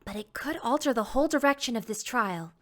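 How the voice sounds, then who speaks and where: A woman's voice: a little high, animated, a little fast, noisy background, close to an everyday voice. A woman doing an earnest young assistant. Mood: worried.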